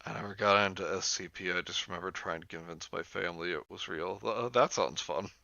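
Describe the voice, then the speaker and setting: A man's voice: low-pitched, quick pace, gravelly, sharp tone, no room sound. A man co-hosting a casual group chat, playful and teasing, on a dull lo-fi mic. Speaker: podcast co-host.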